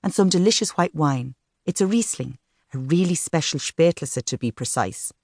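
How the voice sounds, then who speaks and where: A good-humoured young woman with a wry, teasing way of talking, as a woman narrator voices her. The voice is lowish and recorded dry and close. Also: animated, normal speed, a little mellow, breathy edge, no echo, exaggerated voice. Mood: explaining. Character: warm, teasing young woman, best friend.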